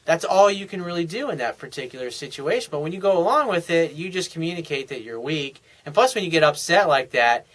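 A man's voice: on the high side, animated, fairly quick, few pauses. A man hosting an advice show, giving blunt, coaching, sometimes profane advice from listener emails. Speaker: dating advice host. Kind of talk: advice monologue.

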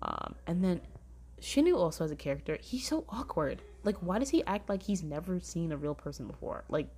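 A woman's voice: fairly low pitch, wildly swooping pitch, fairly quick, vocal fry, a little mellow, a little hiss or hum. A woman rambling through a casual weekly review of her shows, gushing, swearing freely and saying "like" a lot. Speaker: drama reviewer.

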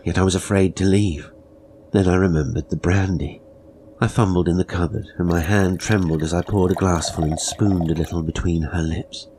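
Deep-voiced man reading a horror tale. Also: darkish tone, slight background noise. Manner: measured, grave, dropping to whispers. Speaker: narrator. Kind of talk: dramatic horror story reading.

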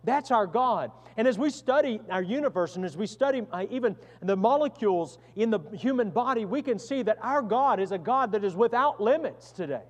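Earnest high-voiced male pastor preaching. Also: expressive, fairly quick, few pauses, in a large hall. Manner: earnest preaching, swings from loud to hushed. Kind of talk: sermon.

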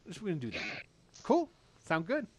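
A man voicing a chatty male tavern boss in a tabletop game, talking in quick salesman patter. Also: fairly high pitch, huge pitch swings, husky, full character voice. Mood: wheedling.

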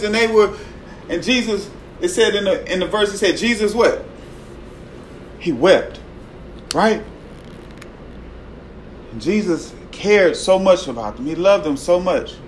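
A man preaching a sermon in a conversational way, often tagging his points with "right?" and swinging from loud emphasis to a hushed voice. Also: high voice, measured pace, pauses often, a little hiss or hum, rough recording. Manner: conversational, tags lines with "right?".

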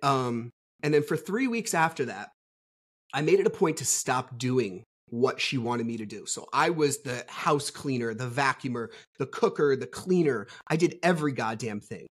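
A man's voice: medium pitch, lively intonation, moderate pace, husky. A middle-aged man from New Jersey, a podcast guest telling a story in a rambling, frank way, with lots of fillers and the odd swear. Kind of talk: casual storytelling interview.

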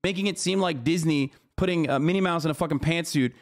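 A man with a high, light voice rants at clips on his stream. He swears constantly, stumbles through fillers and restarts, and sounds fed up. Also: fast. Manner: exasperated, swears a lot, many fillers and restarts. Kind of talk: profane reaction rant.

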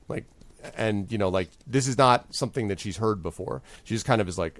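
A man's voice: on the low side, brisk. A man narrating as game master in a rambling way with many fillers.

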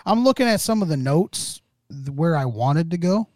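A man's voice: on the high side, moderate pace, dry recording, clean studio sound. Chatty rambling male podcast co-host. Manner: rambling, animated retelling with many restarts. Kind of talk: casual podcast chat.

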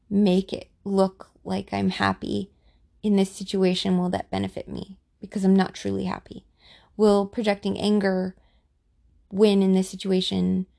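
A woman talking casually about her personal experiences, offering her opinion in a halting way with restarts and fillers. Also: medium pitch, level tone, vocal fry, mellow. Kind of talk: casual monologue.

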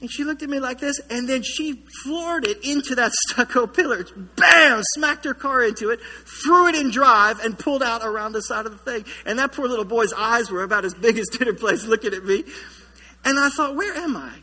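Bright-voiced pastor in an echoey hall. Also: male voice, very high voice, fairly quick. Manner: animated storytelling with humor. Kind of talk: sermon. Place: church sanctuary.

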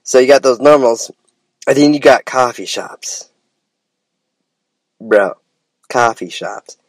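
A man's voice: medium pitch, slow pace, no room sound. A man from Idaho hosting a casual solo podcast, rambling with enthusiasm and calling his listeners "man" and "bro". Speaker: podcast host.

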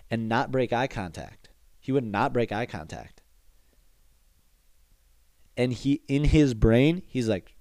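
Young male podcast host, slow, swooping delivery, foul-mouthed rambling riff, dry close mic. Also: mid-range voice, clear, resonant tone, dry recording. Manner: profane, rambling, animated riffing. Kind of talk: casual comedic rant.

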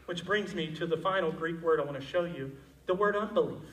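A male pastor preaching a sermon, moving between loud, emphatic passages and quiet, intimate ones. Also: fairly high pitch, fairly quick, reverberant, recorded from a distance, low-quality recording.

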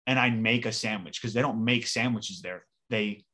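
A man with a fairly low, pushed and bright voice co-hosts a podcast at a moderate pace. In casual chat, he tells a rambling everyday story with some swearing.

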